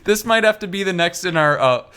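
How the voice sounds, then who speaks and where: A man's voice: high voice, expressive, a little fast, very noisy. A man co-hosting a podcast in casual chat, rambling with lots of fillers and laughing often. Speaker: podcast co-host.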